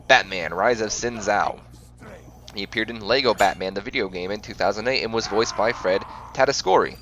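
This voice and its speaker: Man, fairly low voice, game playthrough commentary, reads facts aloud, trips over words and corrects himself. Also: fairly bright tone, a little hiss or hum. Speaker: gaming channel host.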